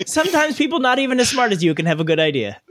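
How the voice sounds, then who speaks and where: A man's voice: very high-pitched, big pitch swings, fast talker, background noise. A man co-hosting a comedy podcast, joking about himself and laughing often. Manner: jokey, self-deprecating, laughs often. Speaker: podcast co-host. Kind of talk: casual comedic chat.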